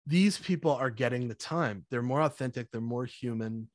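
A man speaking as a podcast guest, energetic and conversational, now and then acting out little scenes in mock voices. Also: mid-range voice, normal speed, few pauses, no echo, studio quality. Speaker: podcast guest, sales evangelist. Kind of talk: conversational interview.

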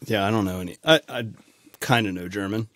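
A man's voice: fairly low pitch, brisk, fairly bright tone, no echo, clean studio sound. A man co-hosting a casual podcast, laid-back and swearing freely. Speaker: podcast co-host. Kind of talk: casual chat.

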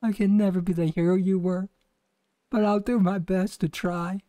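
Man voicing an earnest young female sleuth sidekick, theatrical, raised pitch, game cutscene reading. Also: little pitch movement, normal speed, dark tone, dry recording, natural voice. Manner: dramatic, earnest storybook reading with stumbles.

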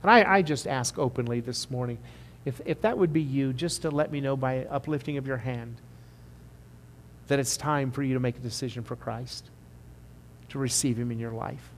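A man preaching a sermon as pastor, emphatic at the peaks and quiet and slow when he appeals to the congregation. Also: medium pitch, a little hiss or hum. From United States. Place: church sanctuary. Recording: long church reverb.

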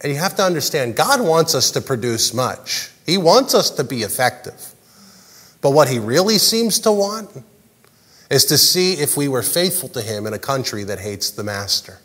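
A man preaching a sermon as pastor, animated and jokey, acting out the characters' lines. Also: medium pitch, normal speed, breathy edge, in a large hall. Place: large church hall.

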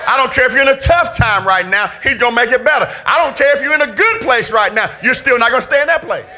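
A middle-aged man from the preaching with fervor, his voice pitched unusually high and ringing very bright. He swings from easy storytelling to full-throated shouts that drive each point home. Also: lively intonation, fast talker. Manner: fervent preaching, often shouting with emphasis. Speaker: pastor. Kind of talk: sermon. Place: church sanctuary.

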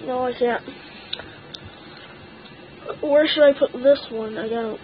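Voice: high voice, takes it slowly, muffled recording, a little hiss or hum. A teenage gaming channel host giving casual gameplay commentary, stammering and complaining that something hurts.

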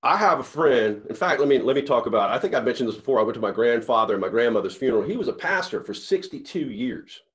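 A man's voice: medium pitch, lively intonation, fast talker, hardly any pauses, fairly bright tone. Earnest rambling man giving a pep talk. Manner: earnest, rambling storyteller with many restarts. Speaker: company CEO. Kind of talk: motivational talk to sales reps.

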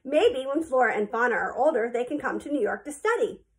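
A sensible father speaks calmly and patiently, voiced by a woman reading aloud. His lines stay steady and unhurried. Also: on the high side, close to an everyday voice. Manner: calm, patient.

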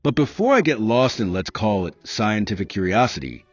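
A man's voice: lowish voice, big pitch swings, moderate pace, breathy edge, muffled recording, faint music behind. A man telling a comic story in a scripted monologue, wry and self-mocking. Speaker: comedic storyteller.

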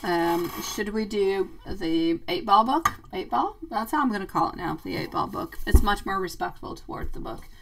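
A woman hosting a live tarot reading, chatty and affectionate, calling her listeners sweetie and love, playful and quick to laugh. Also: medium pitch, animated, gravelly, far from the mic, slight background noise, rough recording. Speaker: tarot reader.

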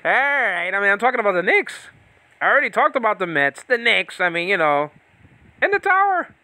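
Rambling man with a bright voice. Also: sits high, big pitch swings, a little fast, dry recording. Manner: rambling, self-interrupting, laughs often. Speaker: Bible Greek teacher. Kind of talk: casual teaching talk with tangents.

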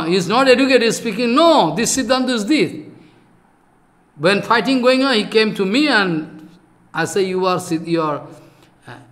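Casting: older man, bright high preaching voice, scolds and exhorts. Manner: animated, scolding, rising to loud emphatic bursts. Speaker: spiritual teacher. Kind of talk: sermon.

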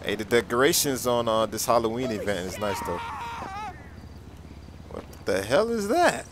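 A young man giving casual, excitable game commentary, full of slang and repeated reactions. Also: mid-range voice, normal speed, slight background noise. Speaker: gameplay commentator.

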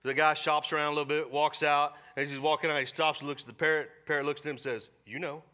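A middle-aged man preaching a sermon in a church, folksy and storytelling, slipping into quick voiced asides. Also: a little high, flat delivery, bright, forceful tone. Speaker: pastor. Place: church sanctuary.

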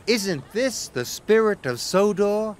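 A man's voice: sits high, lively intonation, slow, slight background noise, pitched above the performer's own voice. A man voicing a small, earnest young male tank engine who speaks his mind, in a storybook cartoon. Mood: proud.

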